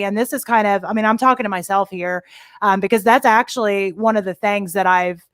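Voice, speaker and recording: Woman host, mid-pitched, rambling self-deprecating chat, dry close recording. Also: dry recording. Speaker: podcast host. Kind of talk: casual podcast chat.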